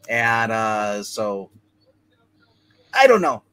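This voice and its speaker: A man's voice: medium pitch, big pitch swings, measured pace, a bit bright, low-quality recording. A man hosting a casual chat show, rambling with many restarts and fillers.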